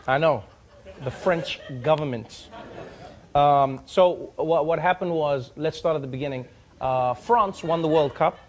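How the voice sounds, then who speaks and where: A talk show host with a fairly high-pitched male voice tells comic stories at an unhurried pace. He's animated, acting out the voices of the people in his tales.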